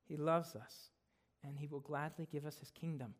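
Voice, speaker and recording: A man preaching a sermon in a casual, conversational way, shifting into loud, emphatic declarations when he reads scripture. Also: on the high side, steady tone, normal speed. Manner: casual, conversational preaching with frequent "right?" and "guys". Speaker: guest preacher.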